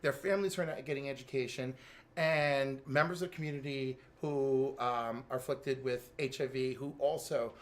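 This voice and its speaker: An American man co-hosting a show, animatedly recapping comics in casual chat and acting out character lines. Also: normal speed. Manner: animated storyteller, acts out character lines with big pitch jumps. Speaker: co-host.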